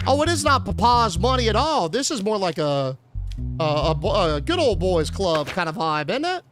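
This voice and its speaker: A man's voice: high-pitched, big pitch swings, normal speed, over music. A young man streaming a game, chatting casually and profanely and reading the game text aloud. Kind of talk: casual gameplay commentary. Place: home streaming setup.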